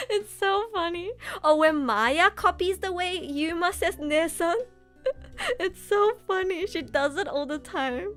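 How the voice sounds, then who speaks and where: A young woman, a voice actress, chatting casually on a live stream, gushing excitedly with frequent giggles. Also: very high-pitched, unhurried, soft background music. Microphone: laptop streaming setup.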